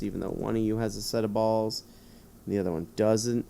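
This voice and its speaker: A man's voice: lowish voice, fairly even intonation, fairly quick, gravelly, mellow, slight background noise. A man streaming live, reading a choose-your-own-adventure book aloud with rambling, self-mocking asides.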